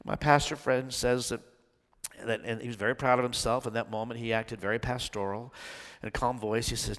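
A man preaching a sermon, telling a story and rising from quiet talk to loud outbursts. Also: mid-range voice, fairly even intonation, fairly quick. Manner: storytelling preacher, swells from soft to shouting. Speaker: pastor. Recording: long church hall reverb.

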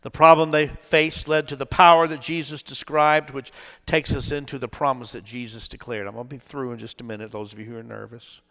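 A middle-aged male pastor preaching a sermon, dramatic, swinging from shouts to hushed tones. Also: mid-range voice, flat delivery, fairly quick, long reverb tail.

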